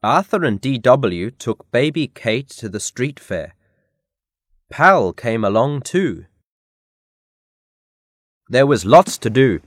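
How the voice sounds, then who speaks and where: A man reading a children's picture book aloud in a careful, clear read-aloud manner. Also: mid-range voice, sing-song, takes it slowly, pauses often, dry recording, studio quality. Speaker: storybook reader. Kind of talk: scripted narration of a children's story.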